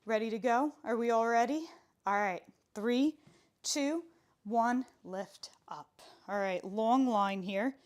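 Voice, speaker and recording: Young woman as a live pilates instructor: slow, chatty and playful delivery, a touch breathless during the holds. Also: fairly high pitch. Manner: chatty and playful, counts reps aloud, laughs often.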